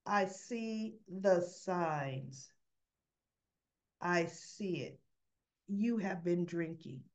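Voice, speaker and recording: A woman's voice: medium pitch, measured pace, close to an everyday voice. A woman voicing a firm woman sponsor who speaks bluntly, in a soap recap.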